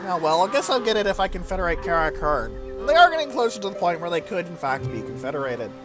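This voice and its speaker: A man's voice: high-pitched, very animated, fast talker, music in the background. A man giving casual, chatty commentary over his strategy game let's play, swearing now and then. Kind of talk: gameplay commentary.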